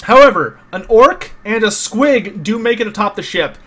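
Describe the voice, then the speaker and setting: A man's voice: high voice, animated, moderate pace, a bit bright. A man narrating a tabletop game as game master, explaining the rules patiently with many small hesitations.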